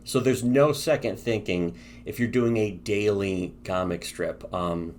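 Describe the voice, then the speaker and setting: A man with a lowish, somewhat mellow voice speaks unhurriedly over slight background noise. He co-hosts a podcast reviewing webcomics, chatting casually and sarcastically while rambling and swearing a lot.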